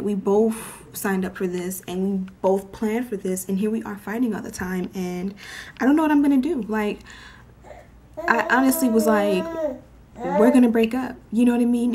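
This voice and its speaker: A woman's voice: a little high, mellow. Candid young woman vlogging at home. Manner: heartfelt, rambling, frequent "you know" and "um". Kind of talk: candid personal vlog. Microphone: camera mic. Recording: faint background noise.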